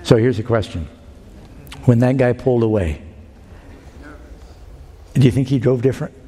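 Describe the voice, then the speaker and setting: A man's voice: mid-range voice, normal speed, warm tone. A man preaching a sermon, earnest and emphatic, telling a story to his congregation. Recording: long hall reverb.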